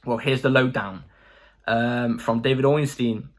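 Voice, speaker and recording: A man's voice: mid-range voice, measured pace. Chatty guy hosting a footy fan vlog, hyped up, lots of ums. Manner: excitable, chatty, lots of fillers. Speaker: football channel host.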